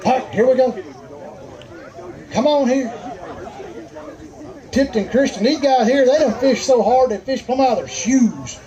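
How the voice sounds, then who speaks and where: A man with a Southern US accent calls out weights at a live outdoor fishing weigh-in, his voice pitched very high yet mellow in tone. He keeps up folksy, joking banter with anglers and the crowd, upbeat and easygoing. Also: expressive, unhurried, long pauses, highs cut off. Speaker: tournament weigh-in emcee.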